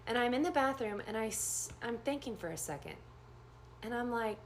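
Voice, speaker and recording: A woman with a slightly high voice telling a personal story in a casual, chatty way. She is a nurse, and she acts out the dialogue with big leaps in pitch. A faint hiss sits under her voice. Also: expressive, moderate pace.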